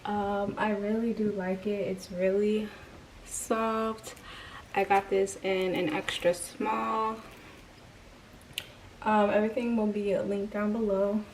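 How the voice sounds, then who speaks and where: A woman's voice: mid-range voice, flat delivery, slow, long pauses. Breathless chatty young woman, distant mic. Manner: chatty, filler-heavy, drifts into whispers. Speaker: vlogger. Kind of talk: casual try-on haul chat. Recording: distant mic with clear background noise.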